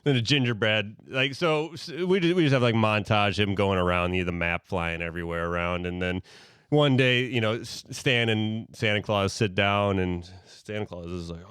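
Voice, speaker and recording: A man co-hosting a podcast, telling a comedy story in a lively way with a lot of laughing. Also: on the low side, moderate pace, clear, resonant tone, no room sound, studio quality. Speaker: podcast co-host. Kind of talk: casual comedic chat.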